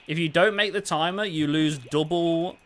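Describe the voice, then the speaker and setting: A man's voice: fairly high pitch, normal speed, a little hiss or hum. A young man streaming a game, chatting casually with his viewers, answering their questions and swearing now and then. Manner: relaxed, swears casually, answers chat while playing. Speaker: gaming livestreamer. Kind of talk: casual livestream chat.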